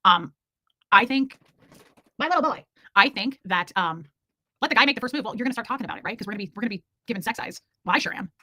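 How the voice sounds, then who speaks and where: A woman's voice: fairly high pitch, expressive, fast, sharp tone, dry recording. A woman in her forties hosting a casual livestream, chatting candidly and jokily while reacting to viewer comments. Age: 40s. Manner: candid, rambling, jokey, reacts to chat. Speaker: livestream host.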